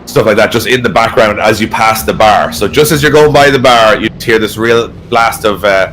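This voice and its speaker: A man's voice: on the low side, normal speed, fairly bright tone, a little hiss or hum. A man hosting an online event in casual, rambling chat, often trailing off mid-sentence. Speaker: event host.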